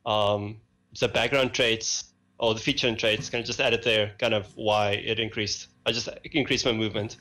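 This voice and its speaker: A man playing in a tabletop game, eager and agreeable, quick with jokes. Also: fairly low pitch, steady tone, sharp tone. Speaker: player. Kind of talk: casual tabletop session talk.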